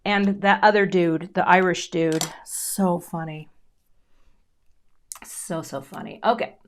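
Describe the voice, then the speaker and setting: A woman's voice: fairly low pitch, fairly even intonation, slow, a little hiss or hum. A middle-aged woman hosting a casual live craft stream from her home craft room, chatting and thanking viewers as she works. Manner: chatty, self-interrupting, reads out viewer comments. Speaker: craft channel host.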